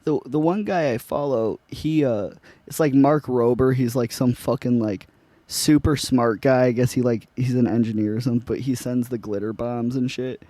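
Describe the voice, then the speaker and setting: A man's voice: medium pitch, fairly even intonation, moderate pace, warm tone, no echo. A man co-hosting a podcast, telling rambling, profane stories in casual chat. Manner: rambling, profane storytelling full of "like". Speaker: podcast co-host.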